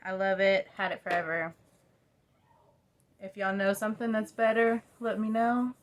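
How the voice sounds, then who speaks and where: A woman's voice: medium pitch, little pitch movement, moderate pace. A young woman, chatting and rambling casually while doing her makeup at home, filmed on a phone. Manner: chatty, rambling, self-deprecating. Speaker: vlogger. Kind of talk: casual get-ready-with-me chat. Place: at home by a mirror.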